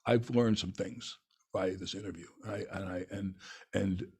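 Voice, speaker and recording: A man hosting a podcast interview, talking in an effusive, halting way with many restarts. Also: low voice, fairly even intonation, darkish tone, husky. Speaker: podcast host. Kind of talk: interview conversation.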